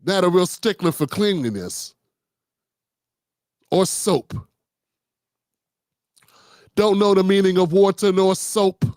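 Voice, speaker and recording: A man's voice: high voice, slow pace, pauses often, a little mellow, dry recording, clean studio sound. A man hosting a political commentary show, talking off the cuff in a blunt, profane, rambling way with lots of restarts.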